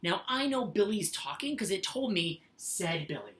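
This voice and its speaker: A woman's voice: medium pitch, sing-song, moderate pace, a bit bright. A woman teacher giving a recorded lesson, patient and sing-song, reading example sentences aloud with exaggerated expression. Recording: echoey room.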